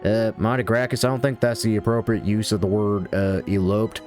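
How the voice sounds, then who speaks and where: A man's voice: fairly low pitch, level tone, fairly quick, a little mellow, faint music behind, close to an everyday voice. A man voicing a flippant, cowardly male lackey of a crime lord who babbles and stammers in a tabletop game. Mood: cowed.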